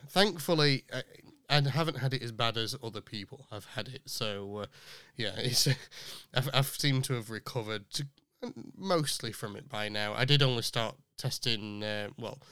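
A young man hosting a podcast, chatting casually and rambling with fillers, his voice still a little rough from recent illness. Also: lowish voice, pushed and bright, no echo, clean studio sound. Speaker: podcast host. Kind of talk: casual chat.

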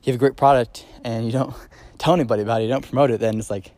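A man's voice: medium pitch, steady tone, racing, darkish tone, dry recording. A man hosting a solo podcast, talking casually and enthusiastically, with many fillers and restarts. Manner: enthusiastic, emphatic on key points. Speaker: podcast host.

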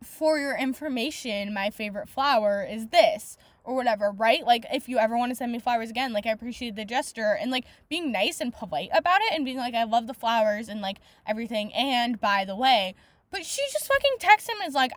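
A woman's voice: a little high, expressive, a little fast, no echo. A woman hosting a book podcast, ranting in a casual, exasperated way, swearing often and filling her talk with "like". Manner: rants exasperatedly, swears often, many "like" fillers. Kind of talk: casual book review monologue.

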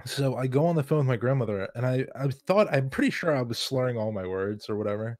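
A young man tells a rambling story to his friends in a relaxed way, swearing freely. His voice sits in a middle range. The recording is close and dry with no room echo. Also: medium pitch, fast. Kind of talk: casual chat.

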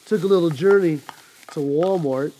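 A man preaches a Sunday sermon from the pulpit with a notably high voice. He builds to emphatic peaks and slips in light humor between scripture readings. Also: moderate pace, warm tone, a little hiss or hum. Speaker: pastor.

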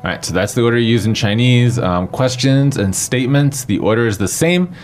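A man breaks down a lesson in a relaxed, explanatory way, checking in as he goes. Faint music runs underneath. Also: mid-range voice, brisk. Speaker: podcast co-host.

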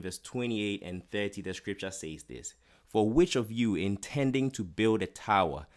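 A man with a very deep voice delivers an earnest sermon. He repeats words as he builds toward each point and speaks directly to his listeners. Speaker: preacher.

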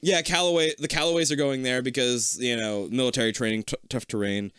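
A man's voice: medium pitch, steady tone, fairly quick, a bit bright, clear, resonant tone, no room sound, clean studio sound. A man in his thirties co-hosting a podcast in casual chat, rambling, swearing freely and laughing often. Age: 30s. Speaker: podcast co-host. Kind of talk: casual chat recapping a cartoon.

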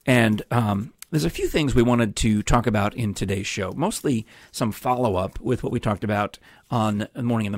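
Gravelly low-voiced older man chatting. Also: no room sound, studio quality. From New York. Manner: chatty storyteller, many ums and asides. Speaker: host of a live show. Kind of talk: rambling casual chat to viewers.

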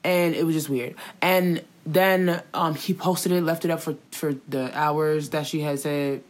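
Animated, swearing young-sounding woman gossiping. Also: low-pitched, a little slow. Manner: animated storytelling, slangy, swears, acts out quotes. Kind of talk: casual gossip chat.

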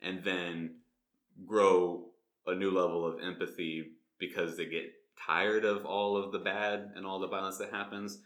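A man co-hosting a book discussion podcast, talking in a relaxed, chatty way and laughing often. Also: low-pitched, measured pace, reverberant. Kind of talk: casual chat.

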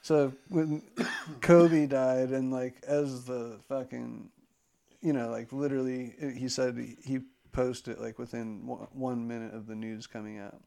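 Casual male co-host, gravelly voice, rambling and profane, loose chatty delivery. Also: medium pitch, little pitch movement, unhurried, dark tone. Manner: rambling, heavy filler words and profanity. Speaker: podcast co-host. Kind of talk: casual chat.

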